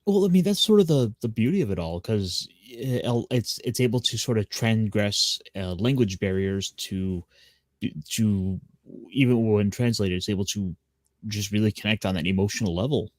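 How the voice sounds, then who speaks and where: A man's voice: lowish voice, lively intonation, moderate pace, a little mellow, dry recording. A man on a casual anime livestream chat who speaks in thoughtful, articulate phrases.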